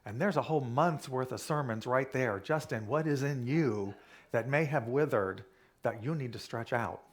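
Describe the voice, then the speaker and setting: Man, minister, conversational sermon, repeats key phrases, middle pitch. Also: normal speed.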